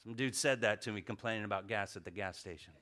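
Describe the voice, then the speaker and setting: Bright-voiced man preaching a sermon. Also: fairly low pitch, fast. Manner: preaching with questions to the congregation, swinging from loud to hushed. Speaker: pastor.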